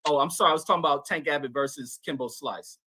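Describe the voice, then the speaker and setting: A man's voice: fairly high pitch, quick pace, sharp tone. A man in a heated live-stream debate, needling his opponent and reading fact checks aloud. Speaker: debate panelist.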